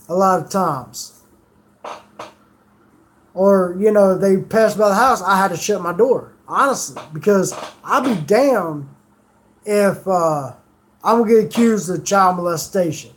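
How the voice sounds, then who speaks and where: A man's voice: high-pitched, fairly bright tone, a little hiss or hum. A man streamer telling rambling stories in casual chat, swearing freely.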